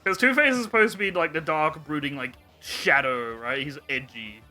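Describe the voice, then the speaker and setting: Young guy hosting a podcast, super bright sharp voice, joking and swearing a lot. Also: on the high side, normal speed, soft background music. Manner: animated joking retelling with swearing and laughs. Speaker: podcast host. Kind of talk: casual podcast chat.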